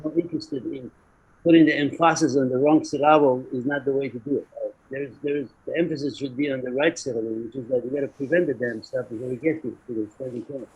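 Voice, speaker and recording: A man's voice: medium pitch, steady tone, fast talker, a little mellow, slightly rough. A man speaking as a panelist, opinionated and blunt in his points. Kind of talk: panel discussion. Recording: dull lo-fi audio.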